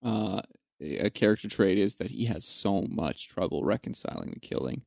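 A man in casual conversation about a film, retelling scenes with animated energy and some swearing. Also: low-pitched, moderate pace, vocal fry, dry recording, studio quality. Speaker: podcast co-host.

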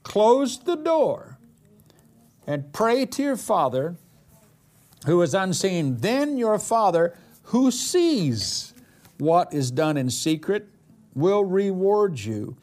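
A male pastor delivering a sermon in a high, lively voice that swoops up and down. He stretches out key words for emphasis and hurries through side remarks. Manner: dramatic, emphatic preaching with slow drawn-out declarations.

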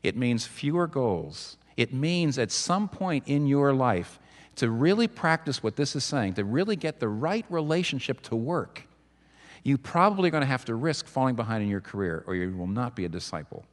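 A man's voice: mid-range voice, sing-song. Man preaching in a reverberant church hall. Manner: conversational storytelling preacher, halting restarts. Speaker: pastor. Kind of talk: sermon.

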